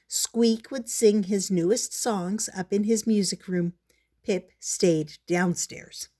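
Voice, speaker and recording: Older woman, storyteller, children's picture book, gentle, slow. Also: medium pitch. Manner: gentle, measured storybook narration.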